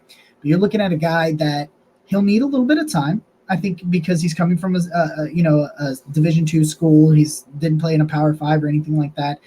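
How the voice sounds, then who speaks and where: A young man with the hiccups hosts his own sports podcast, casually breaking down football draft picks in a loose monologue with restarts and fillers. His fairly high voice is warm, but the audio is poor with slight background noise.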